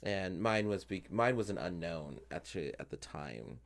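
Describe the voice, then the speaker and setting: Low-voiced man chatting on a podcast. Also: sing-song, moderate pace, gravelly. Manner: chatty, many fillers, laughs often. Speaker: podcast host and drag performer. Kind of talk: casual podcast chat.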